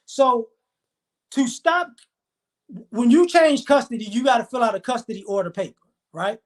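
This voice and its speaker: Very high-pitched and animated, a man tells a story as an angry rant to camera. The retelling is quick and profane, and he acts out the other people's dialogue as he goes.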